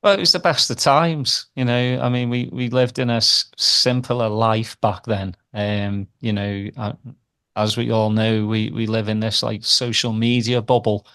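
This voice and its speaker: A male podcast host with a smooth, resonant voice chats casually with his guest. He muses in a relaxed, reflective way, padding his thoughts with plenty of fillers. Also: fairly low pitch, measured pace. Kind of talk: casual interview chat.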